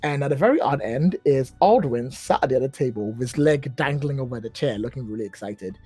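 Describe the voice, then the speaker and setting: A man's voice: medium pitch, animated, brisk, mellow, husky. A man running a tabletop game, chatty and self-mocking. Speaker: game master.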